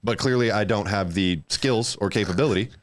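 A man's voice: on the low side, a little fast. A young man hosting a livestream, joking around with guests and reading viewer comments aloud in casual chat. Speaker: livestream host.

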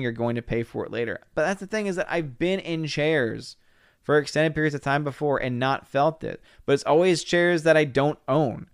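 Young guy reading his chat on stream, jokey quick comebacks, dry close sound. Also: mid-range voice, clean tone, dry recording. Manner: reads viewer comments aloud and reacts with laughs and quick retorts. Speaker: livestream host reading chat comments. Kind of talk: casual livestream chat.

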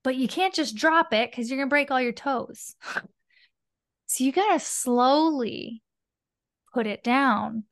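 A woman's voice: high-pitched, slow pace, pauses often. A woman guest on a podcast talking casually and expressively, swearing now and then. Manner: expressive, swears casually, acts out inner voices. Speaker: podcast guest, spiritual mentor. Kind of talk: casual conversational interview.

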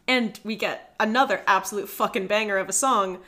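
A woman's voice: medium pitch, a little fast, pushed and bright. A woman co-hosting a podcast, chatting casually about a film, with lots of fillers, swearing and laughter. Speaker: podcast co-host. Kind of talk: casual movie-discussion chat.

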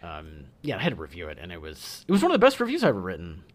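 A man co-hosting a podcast in casual chat, relaxed and agreeable. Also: sits low, rapid-fire. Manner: relaxed, agreeing, lots of fillers. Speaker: podcast co-host.

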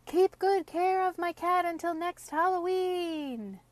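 A woman voicing a lively female witch in a storybook reading, brisk and exclaiming. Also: very high voice, voice pushed up. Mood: calling out.

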